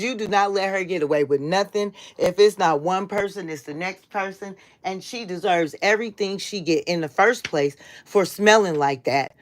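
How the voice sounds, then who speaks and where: An American woman with a somewhat low voice hosts a casual livestream. She speaks straight to her viewers in a chatty way. Her talk is blunt, heated and full of swearing. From United States. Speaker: livestream host.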